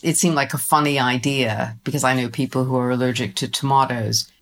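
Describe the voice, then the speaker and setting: A woman who is a children's author, chatting as a guest in an interview, animated and quick to laugh. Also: a bass voice. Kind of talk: casual interview chat.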